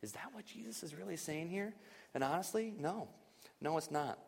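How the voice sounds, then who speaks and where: A man preaching a lively, conversational sermon at a church service, full of rhetorical questions. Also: a little high, moderate pace, vocal fry, breathy edge, long reverb tail. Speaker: pastor.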